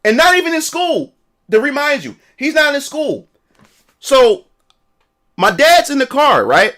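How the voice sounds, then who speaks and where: A man's voice: very high-pitched, sing-song, unhurried, sharp tone. A man telling a story in a casual livestream rant, profane and repetitive. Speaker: streamer.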